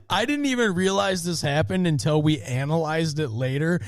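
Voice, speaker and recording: A man's voice: on the high side, dry recording, studio quality. A man casually chatting on a podcast, amused and teasing his friend about a story. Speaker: podcast co-host.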